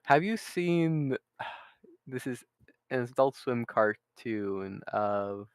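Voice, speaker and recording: Smooth-voiced joking man playing a tabletop game. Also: mid-range voice, animated, drawn-out words, no room sound. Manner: playful, jokey, rambling. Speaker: player. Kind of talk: casual chat at a tabletop game.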